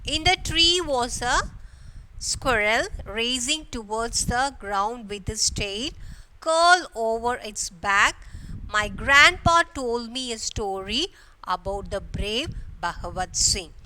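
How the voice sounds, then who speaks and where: Slow, bright-voiced woman teacher. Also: on the high side, animated, a little hiss or hum, rough recording. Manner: repeats each phrase, checks in with frequent "okay". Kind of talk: online grammar lesson for schoolchildren.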